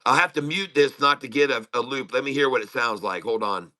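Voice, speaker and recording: A man's voice: mid-range voice, brisk, bright, forceful tone. A middle-aged man hosting a casual live stream from home, chatting and muttering to himself while he fixes his audio, with a slight lisping sound on his voice. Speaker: day-trading livestream host.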